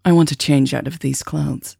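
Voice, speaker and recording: A woman doing a calm, wry woman. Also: deep voice, moderate pace, vocal fry, breathy edge, no echo, clean studio sound, exaggerated voice.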